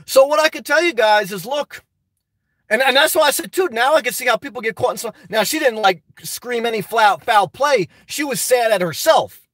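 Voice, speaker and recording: High-pitched male vlogger, loose rambling delivery, frequent laughs, dry unreverberant sound. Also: moderate pace, no room sound. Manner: rambling, animated, laughs often, addresses viewers directly. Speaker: vlogger reading live chat. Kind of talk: casual live-stream chat.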